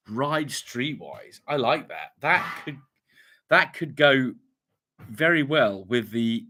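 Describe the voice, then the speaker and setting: A man's voice: medium pitch, bright, forceful tone. Chatty man reading comments. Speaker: YouTube channel host. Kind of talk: casual live stream chat.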